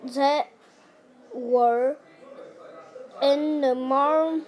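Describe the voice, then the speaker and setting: A woman reading a story aloud for English learners, slowly and carefully, with small slips and restarts. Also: high voice, fairly even intonation, darkish tone. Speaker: English teacher.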